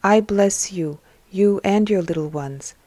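A woman reading a gentle, calm healer. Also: high-pitched, no echo. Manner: gentle, measured, firm. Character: calm, compassionate male teacher and healer.

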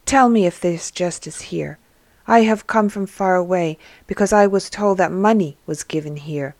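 A woman narrator puts on an old beggar man full of grievance, loud and indignant. His pitch swings from high protest to low grumbling. The voice sits close and dry. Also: moderate pace, no echo. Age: older.

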